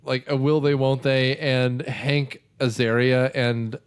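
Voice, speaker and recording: A man co-hosting a casual chat, talking in an animated, rambling way with frequent restarts. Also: mid-range voice, takes it slowly, smooth. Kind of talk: casual chat, movie discussion.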